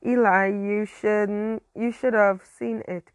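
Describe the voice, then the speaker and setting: A woman's voice: mid-range voice, fairly even intonation, takes it slowly, no echo, close to an everyday voice. A woman voicing a bubbly, eager teenage girl in a story read aloud.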